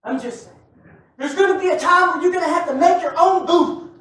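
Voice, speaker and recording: A male preacher delivering a lively sermon, joking with and calling out to his congregation. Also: extremely high pitch, fast talker. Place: church sanctuary. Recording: very echoey church hall, mic far off.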